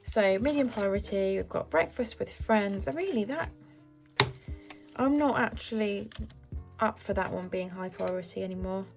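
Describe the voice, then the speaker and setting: A woman's voice: mid-range voice, normal speed, music in the background. A woman in her thirties, a budgeting vlogger chatting casually to camera in a rambling, self-deprecating way.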